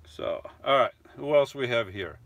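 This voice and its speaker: Reading out comments on his live stream, a middle-aged vlogger chats and rambles, dropping fillers and little laughs at his own expense. His voice is mid-range and fairly bright, at a normal pace.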